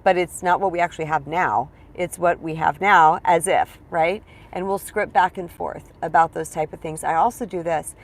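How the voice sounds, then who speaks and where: A woman's voice: fairly low pitch, steady tone, moderate pace, few pauses. A woman speaking as a spiritual coach in a casual teaching monologue, chatty and emphatic, often checking in with her listeners.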